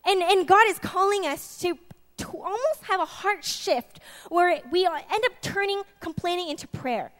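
A woman in her twenties preaching a sermon, chatty and lively, moving from soft asides to loud, laughing bursts. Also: very high voice, normal speed. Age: 20s. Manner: chatty, with many restarts and fillers.

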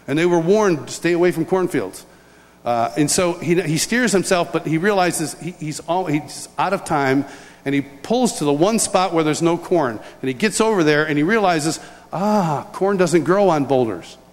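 Older storytelling preacher in a reverberant hall. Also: male voice, on the high side, moderate pace. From upstate New York. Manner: animated personal storytelling with chuckles and restarts. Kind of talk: sermon storytelling.

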